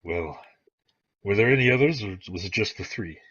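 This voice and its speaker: A man's voice: on the low side, lively intonation, normal speed, fairly bright tone, husky, no echo. A man voicing a formal, courteous male town official who speaks in old-fashioned phrasing. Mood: measured. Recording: dull lo-fi sound.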